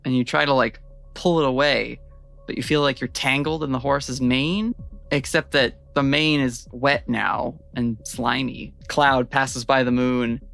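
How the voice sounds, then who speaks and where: Over faint background music, a tabletop game master lingers on every scene, peppering his descriptions with fillers. He speaks unhurriedly in a gravelly, creaky, slightly bright voice of middling pitch, keeping his intonation fairly even.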